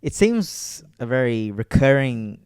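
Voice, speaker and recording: Young Aussie male co-host, smooth tone, dry close sound, chatty with fillers. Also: mid-range voice, big pitch swings, slow, darkish tone, dry recording. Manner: chatty, laughs often, trails off with fillers. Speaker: podcast co-host. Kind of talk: casual sports chat.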